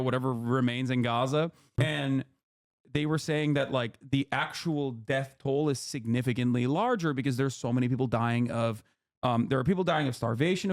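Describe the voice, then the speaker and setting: A male streamer explaining politics in a heated, animated, profane way. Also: medium pitch.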